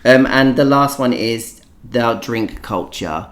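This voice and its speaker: A young man with a Cockney accent, co-hosting a podcast in casual chat, talking fast with lots of fillers and restarts. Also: mid-range voice, expressive. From England. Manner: chatty, ranting, lots of likes and restarts. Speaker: podcast co-host.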